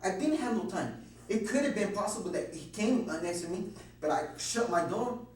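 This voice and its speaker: A man's voice: high voice, expressive, moderate pace, a little mellow. A frightened man being questioned by police, stammering, repeating himself and cursing heavily as he rambles through his account. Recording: echoey room, distant mic, faint hum.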